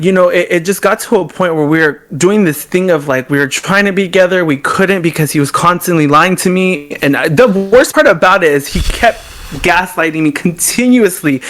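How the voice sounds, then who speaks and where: Young male guest, somewhat high voice, animated storyteller who acts out quoted dialogue. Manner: animated, reenacts quoted dialogue with swings in pitch. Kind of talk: emotional storytelling.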